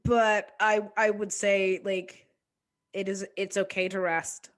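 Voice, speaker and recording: A woman in her twenties, an interview guest, talking reflectively and hesitantly with many pauses and restarts. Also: mid-range voice, level tone. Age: 20s. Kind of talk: reflective casual conversation.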